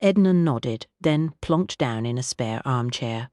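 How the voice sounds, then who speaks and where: A woman narrating a mystery audiobook with a low voice that rises and falls expressively. She tells the story with a lively storyteller's touch. The sound is close and dry, like a studio booth. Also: slow, no echo.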